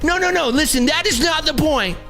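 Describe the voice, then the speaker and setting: A man putting on a whiny, defensive follower of a paid trading mentor, in a high, sputtering, protesting voice. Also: fairly quick, sharp tone, soft background music, full character voice.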